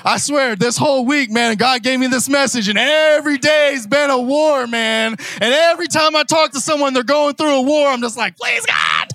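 High-voiced young preacher man, fervent. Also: normal speed, hardly any pauses, no echo. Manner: fervent preaching that swings from shouts to slangy asides. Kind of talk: energetic sermon.

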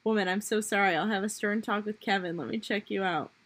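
A woman's voice: mid-range voice, quick pace, fairly bright tone, close to an everyday voice. A woman voicing a flustered female store supervisor, urgent and apologetic.

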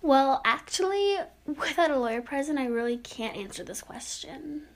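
A woman's voice: high voice, lively intonation, moderate pace. A woman playing a ditzy, vain queen mother in a comedic skit, sounding airy, dim-witted and cheerfully oblivious.

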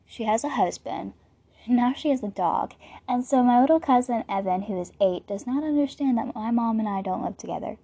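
Young woman rambling, mellow higher voice. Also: fairly quick, vocal fry, husky. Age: late teens. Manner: rambling storytelling, full of "like" fillers. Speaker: podcast host. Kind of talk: casual podcast monologue.

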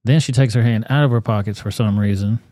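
A man hosting a podcast, commenting on a news video in a blunt, profane, animated rant. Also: lowish voice, quick pace, no echo, clean studio sound. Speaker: podcast host.

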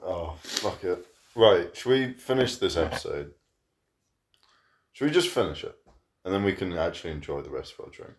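A young man with a very deep voice co-hosts a casual podcast while drunk. He answers in short, dry remarks. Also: sing-song, moderate pace, long pauses. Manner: dry, curt replies. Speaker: podcast co-host. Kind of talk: casual chat.

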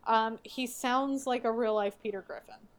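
A woman's voice: on the high side, fairly even intonation, moderate pace. Wry chatty woman podcast co-host. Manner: wry, chatty, recapping a show. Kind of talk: casual chat.

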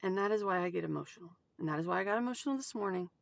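Gravelly-voiced woman, emotional and halting. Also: on the low side, dry recording. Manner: emotional, halting, with sudden outbursts and soft whispered asides. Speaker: mother sharing personal experience. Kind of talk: emotional personal monologue.

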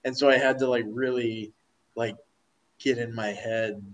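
Man, casual chat; animated storyteller, filler-heavy, laughs easily. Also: medium pitch, a little slow, a little hiss or hum, poor audio.

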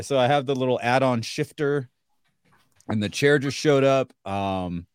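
A man's voice: medium pitch, measured pace, smooth, no echo, clean studio sound. A man co-hosting a podcast in casual chat, laid-back and laughing between phrases. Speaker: podcast co-host.

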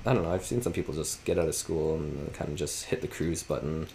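A man's voice: very deep voice, fairly even intonation, quick pace, vocal fry, mellow, slight background noise. A man in his twenties co-hosting a casual podcast, rambling with lots of fillers. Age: 20s. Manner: rambling, heavy use of "like". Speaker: podcast co-host. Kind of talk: casual chat.

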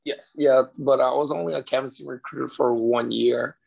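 Gravelly raspy guy, flat delivery, earnest casual story as a podcast guest. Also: medium pitch, normal speed. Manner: earnest, with frequent restarts. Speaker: podcast guest, former Marine recruiter.

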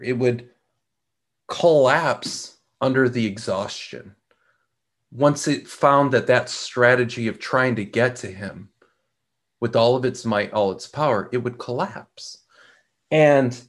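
A middle-aged man hosting a reflective talk, speaking in a slow, measured way with frequent pauses and repeated words. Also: medium pitch. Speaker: podcast host.

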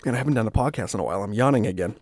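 A man's voice: lowish voice, lively intonation, very fast, a little mellow, dry recording. A young man from Massachusetts hosting a podcast, telling a story in casual, rambling, profane talk. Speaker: podcast host.

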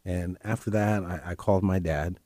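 A man's voice: sits low, steady tone, moderate pace, dark tone, no room sound, studio quality. A man, a guest on a talk show, candidly telling his life story and often repeating his phrases. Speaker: interview guest.

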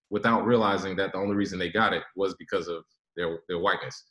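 Man, very low voice, earnest explainer, podcast guest, roomy echo. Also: fairly even intonation, brisk, fairly bright tone. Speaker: guest author. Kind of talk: podcast interview.

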